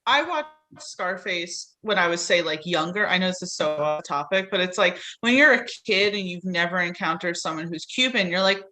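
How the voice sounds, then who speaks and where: A woman's voice: lowish voice, animated, normal speed, few pauses, pushed and bright. A woman on a podcast panel in casual chat, chatty and laughing often, with lots of fillers.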